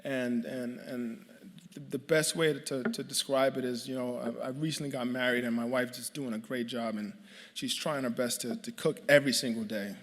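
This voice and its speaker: A man's voice: medium pitch, fairly even intonation, moderate pace, a bit bright. A man in his late thirties from New York, giving a chatty, joking hall of fame acceptance speech full of fillers and restarts. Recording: long hall reverb.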